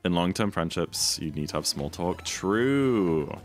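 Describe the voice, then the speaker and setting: Male streamer, deep voice with lively inflection, casual filler-heavy chat over quiet music. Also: unhurried. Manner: rambling, filler-heavy, playful asides. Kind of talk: casual chat while speedrunning.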